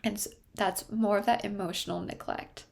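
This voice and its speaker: A woman's voice: mid-range voice, steady tone, moderate pace, creaky. A woman therapist explaining a TV series in a thoughtful way, often stopping to search for her words.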